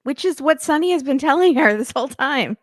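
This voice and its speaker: A woman's voice: high-pitched, expressive, no echo, studio quality. A woman guest on a podcast, chiming in with short reactions and remarks. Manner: quick reactive interjections. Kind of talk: casual chat.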